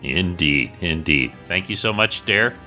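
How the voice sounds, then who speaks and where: Deep-voiced man with a sharp, bright tone. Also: animated, unhurried, soft background music. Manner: thoughtful, polite, describing actions. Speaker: guest player. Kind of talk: tabletop role-play as a player.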